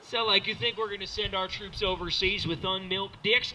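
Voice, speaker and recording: A young man in his late teens doing a stand-up comedy set, animated and jumping into silly character voices. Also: sits high, moderate pace, background noise. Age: young adult. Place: small comedy show with live audience.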